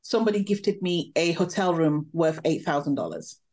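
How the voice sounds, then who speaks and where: A woman, a podcast guest, telling a personal story in a lively, animated way. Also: deep voice, normal speed. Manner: animated, vivid storytelling with laughs. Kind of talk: storytelling interview.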